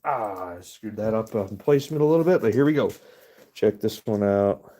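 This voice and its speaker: A man's voice: on the low side, animated, normal speed, warm tone. A man hosting a casual live stream while stamping metal in his workshop, rambling, swearing often and laughing easily. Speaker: livestream host.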